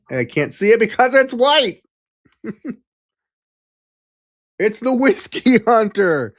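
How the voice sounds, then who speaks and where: A man hosting a casual live-stream talk show on hypnosis, rambling with many ums and restarts, then leading a calm guided memory exercise. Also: on the high side, no room sound, studio quality.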